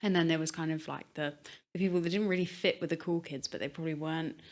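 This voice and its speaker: Low-voiced woman, soft-spoken podcast guest. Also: steady tone, fast. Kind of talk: casual chat.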